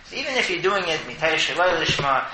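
A man's voice: fairly high pitch, fast talker, crowd noise. Man giving an echoey Torah talk. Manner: animated, stumbling repetitions. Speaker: Torah teacher. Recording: echoey room with clear noise.

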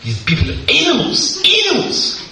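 A man's voice: very high-pitched, huge pitch swings, normal speed, vocal fry, pushed and bright, a little hiss or hum, voice pushed up, exaggerated voice. A man voicing an indignant South African male passenger who keeps repeating himself in outrage. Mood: outraged. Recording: roomy echo, voice from far off.

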